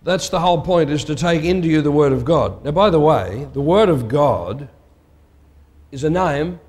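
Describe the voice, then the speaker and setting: A man's voice: a little high, animated, moderate pace, darkish tone. A man preaching a sermon in a conversational, emphatic way, putting questions to his listeners. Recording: long hall reverb.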